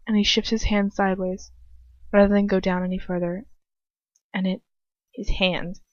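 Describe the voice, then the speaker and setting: A woman's voice: mid-range voice, darkish tone, no room sound, muffled recording. A woman reading a fanfiction story aloud in the first person, dramatic, and stopping now and then to comment. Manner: dramatic, breaking off into laughing commentary. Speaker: fanfiction reader.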